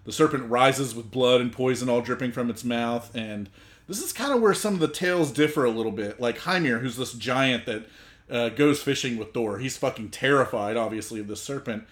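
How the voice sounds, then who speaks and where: A man's voice: medium pitch, brisk. A man co-hosting a podcast, casually and profanely retelling Norse myths to his friends. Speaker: podcast host.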